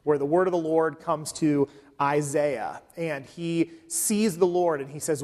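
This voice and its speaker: Conversational preacher in a reverberant hall. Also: male voice, on the high side, unhurried, darkish tone. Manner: conversational, with frequent um fillers. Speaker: pastor. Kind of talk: sermon.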